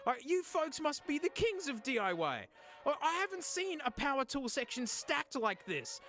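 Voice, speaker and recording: A young South Australian man vlogging casually, joking and breaking into shouts as he browses a second-hand shop. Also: moderate pace. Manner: animated, jokey, bursts into high shouting. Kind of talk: casual comedic thrift-shop vlog.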